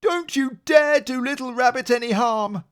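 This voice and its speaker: A man voicing a frantic, protective father rabbit in a storybook read-aloud, with shrill, panicky warnings. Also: animated, takes it slowly, a bit bright, heavily acted. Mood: panicked.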